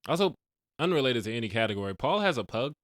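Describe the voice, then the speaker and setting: Animated man joking through a podcast. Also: medium pitch, fast talker, no echo, studio quality. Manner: animated, laughing, jokey asides. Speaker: podcast co-host. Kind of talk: casual movie review chat.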